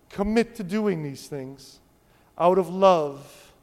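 A male pastor preaching a sermon in an animated way, repeating key phrases for emphasis. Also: sits high, slow pace. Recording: long hall reverb.

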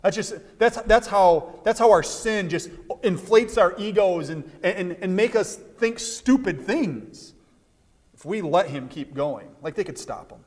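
A pastor delivers a sermon in a high, lively voice. He repeats words as he restarts, and he acts out quoted lines with energy. His voice carries a long reverb from the hall. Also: a little slow. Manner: animated preaching with many restarts and acted-out quotes.

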